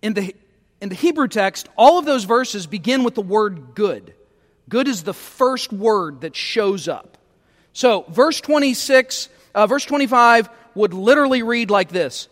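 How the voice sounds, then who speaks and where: A man's voice: high-pitched, lively intonation, unhurried, fairly bright tone, in a large hall. A male pastor preaching a sermon, emphatic and repeating words as he starts phrases.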